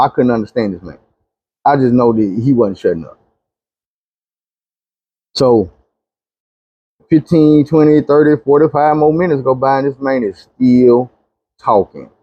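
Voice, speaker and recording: A man telling a long dream story, animated, dropping low and quiet when he pleads. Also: moderate pace, long pauses, slightly rough, no echo, dull audio. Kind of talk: recounting a dream testimony.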